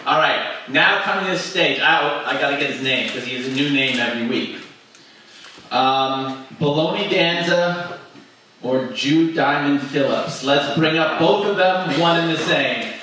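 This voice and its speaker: A man hosts the comedy club show, teasing and rambling as he introduces the next comic. His voice is somewhat high and bright. He sounds distant in a very echoey room. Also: a little slow, slight background noise. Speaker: emcee. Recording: echoey club miked from afar.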